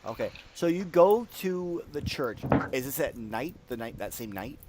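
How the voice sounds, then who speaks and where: A man's voice: mid-range voice, expressive, normal speed, very noisy. A young man narrating as game master of a tabletop game, talking loosely with plenty of fillers.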